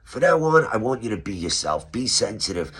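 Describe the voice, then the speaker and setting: A man with a New York accent hosts a comedic roast framed as an interview. His voice is slightly husky, and he delivers each question with sarcastic, mock-serious emphasis. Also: on the low side, sing-song, a little fast, fairly bright tone. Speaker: roast host.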